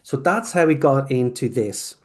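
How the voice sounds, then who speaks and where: A man's voice: mid-range voice, moderate pace. A man, a company founder, telling a long rambling story as a podcast guest, acting out snippets of dialogue along the way. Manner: rambling, animated, acts out quoted dialogue. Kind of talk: storytelling interview answer.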